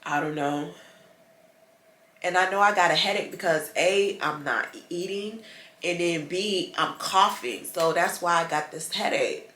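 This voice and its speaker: A woman's voice: fairly low pitch, unhurried, sharp tone, echoey room. A woman sick with a stuffy nose, chatting casually to her viewers from bed in a rambling, frustrated way. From United States. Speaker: vlogger. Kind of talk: casual vlog chat. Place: bedroom, lying in bed.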